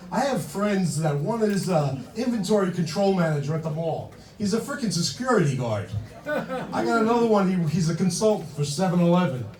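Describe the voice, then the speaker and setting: An older man performs a punchy, conversational stand-up routine on a club stage. His voice sits high with a darkish tone, picked up by a distant mic in a roomy hall.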